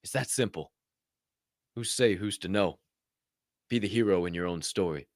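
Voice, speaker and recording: A man's voice: sits low, normal speed, dry recording, clean studio sound. A man hosting a motivational podcast, talking intensely and preachily and swearing freely. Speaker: podcast host.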